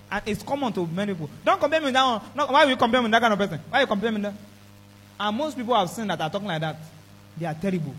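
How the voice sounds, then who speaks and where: A man's voice: high-pitched, slight background noise, low-quality recording. A man preaching a sermon with emphatic delivery, throwing call-and-response questions to the congregation. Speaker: pastor.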